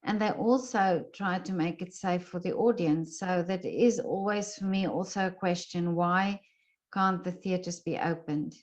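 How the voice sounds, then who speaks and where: A woman's voice: fairly low pitch, measured pace. Woman interviewer on a slightly dull call. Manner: friendly, effusive, stumbling restarts. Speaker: interviewer, host. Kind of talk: casual interview chat.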